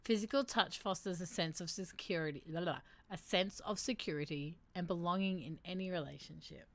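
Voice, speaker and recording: A young woman hosting a casual livestream, reading aloud and chatting, animated, laughing and swearing now and then. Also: lowish voice, fairly quick. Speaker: streamer hosting a mental health segment.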